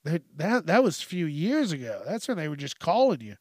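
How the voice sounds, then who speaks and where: A man's voice: fairly high pitch, sing-song, a little fast, no room sound, clean studio sound. A man hosting a podcast, ranting casually and comically, swearing a lot and laughing between lines. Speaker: podcast host. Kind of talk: casual comedic rant.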